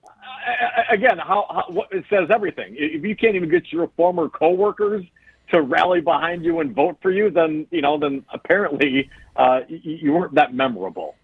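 A man hosts a casual talk radio show in an easygoing, relaxed way, his slightly husky voice moving lively up and down in pitch. The sound is dry and dull, like a lo-fi radio broadcast. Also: a little fast, dry recording.

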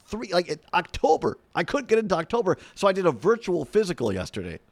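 A man's voice: high-pitched, wildly swooping pitch, fast talker. A middle-aged man from Wisconsin hosting a radio show, chatting casually, laughing often and rambling with restarts.

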